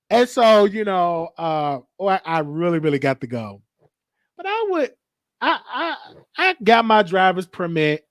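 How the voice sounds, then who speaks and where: A man's voice: high-pitched, very animated, measured pace, no room sound. A man in his thirties from Chicago, hosting a show and telling a personal story in an emotional, rambling way with many restarts. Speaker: show host.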